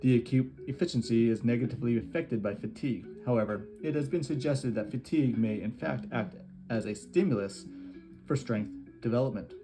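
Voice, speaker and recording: A man reading an academic research paper aloud in a steady, measured way, with small slips and restarts. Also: medium pitch. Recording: guitar music playing behind the voice.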